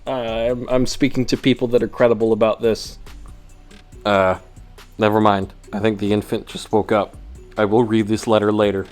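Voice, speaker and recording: A man's voice: fairly low pitch, little pitch movement, moderate pace, a little mellow, faint music behind. A young man in his twenties with a Midwestern American accent, rambling through a casual vlog and often breaking off mid-sentence. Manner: rambling, self-interrupting, laughs often. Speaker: vlogger.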